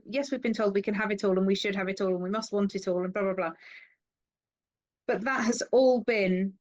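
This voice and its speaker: A woman's voice: medium pitch, lo-fi sound. A woman hosting an interview, speaking in an earnest, reflective way. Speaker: interviewer, host. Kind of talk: conversational interview.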